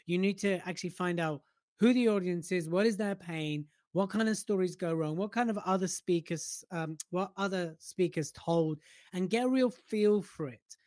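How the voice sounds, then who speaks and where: A man's voice: high voice, moderate pace, a little mellow, dry recording. Guy co-hosting a speaking tips chat, chill and teasing, dry close sound. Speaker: podcast co-host. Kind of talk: casual coaching chat.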